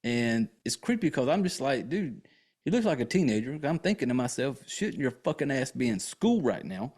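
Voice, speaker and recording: A man's voice: mid-range voice, sing-song, normal speed, a little mellow, breathy edge. A man hosting a podcast, recapping a film in a casual, profane, joking way with lots of fillers. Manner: rambling, crude and joking, with many fillers. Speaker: podcast host.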